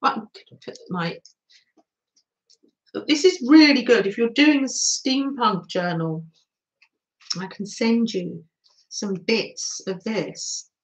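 Chatty older woman, slow-paced. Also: on the high side, poor audio. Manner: chatty, gushing, answers viewer comments. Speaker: craft livestream host. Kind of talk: casual craft livestream chat.

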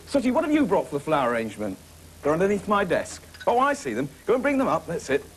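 A man hosting a children's puppet show, playing a brisk, jovial teacher who scolds his puppets. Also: a little high, wildly swooping pitch, slight background noise.

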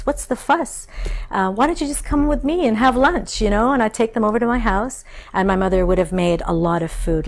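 A woman's voice: fairly low pitch, gravelly. A middle-aged woman, a chef and cookbook author, recalling her childhood in a storytelling interview. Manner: warm storytelling, acts out childhood voices. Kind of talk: interview conversation.

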